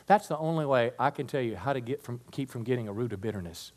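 A pastor preaching a sermon to a congregation, lively and humorous, then softening into quiet prayer. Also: male voice, mid-range voice, fairly quick, hardly any pauses. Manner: animated preaching, dropping to soft prayer.

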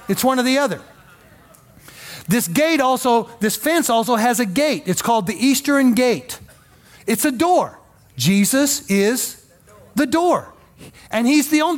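A male pastor preaching a sermon in a folksy, emphatic way with joking asides. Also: very high voice.

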